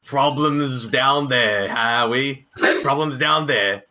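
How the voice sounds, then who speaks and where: A man's voice: medium pitch, slow pace, pushed and bright. A man doing a nosy, teasing companion. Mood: mocking.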